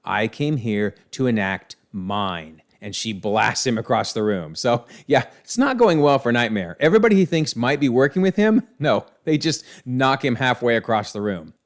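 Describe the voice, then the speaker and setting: A man giving a chatty, animated recap of a comic series as casual video commentary. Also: mid-range voice, normal speed, few pauses.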